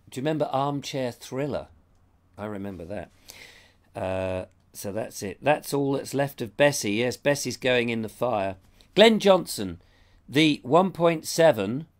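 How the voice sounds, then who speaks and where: Chatty middle-aged man hosting. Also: mid-range voice. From Britain. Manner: chatty, reads comments aloud and reacts. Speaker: host reading viewer comments. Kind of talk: casual live-stream chat. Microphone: lapel mic.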